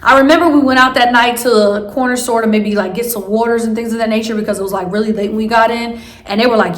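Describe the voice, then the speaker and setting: A woman's voice: a little high, fairly even intonation, quick pace, reverberant. A woman vlogger telling a story casually, rambling with many fillers and restarts.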